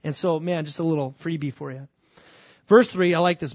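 A man preaching a sermon in a conversational, animated way, with restarts and asides. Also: a little high, fairly quick, dry recording. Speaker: pastor.

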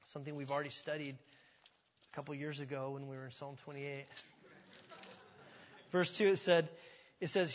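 A man's voice: fairly high pitch, steady tone, moderate pace, long pauses. A man preaching a sermon in a church, speaking conversationally and putting questions to the congregation. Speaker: pastor. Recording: hall reverb.

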